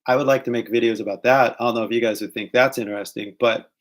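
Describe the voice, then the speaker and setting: A man's voice: mid-range voice, steady tone, fast. A man with a Californian accent talking casually and rambling, laughing often and switching into Japanese. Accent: Californian American. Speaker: English-teaching vlogger. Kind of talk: casual chat.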